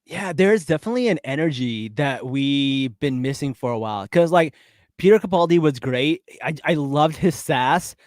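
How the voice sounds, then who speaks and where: A podcast co-host chats casually and animatedly about a TV episode, using lots of fillers in this pop-culture talk. His voice is a little high, with lively intonation, a moderate pace and a darkish tone, recorded dry in clean studio sound.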